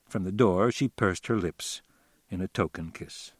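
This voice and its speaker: A man reading a novel aloud in calm, measured narration. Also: low-pitched, no echo, studio quality. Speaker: audiobook narrator. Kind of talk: scripted narration.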